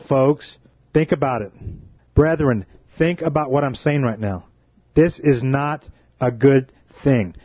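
A man's voice: on the high side, dry recording, highs cut off. A man preaching with fervent indignation, drawing out his phrases for emphasis.

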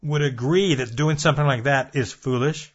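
A man's voice: mid-range voice, moderate pace. A man hosting his own prophecy program, delivering an earnest, repetitive warning monologue straight to his listeners. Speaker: prophecy radio program host. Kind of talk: preaching monologue. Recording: dull lo-fi audio.

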